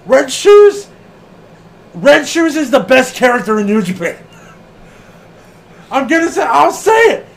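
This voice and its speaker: A man co-hosting a casual wrestling podcast, animated and laughing often, swearing freely and acting out what people said. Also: very high voice, moderate pace, gravelly, long pauses. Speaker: podcast co-host.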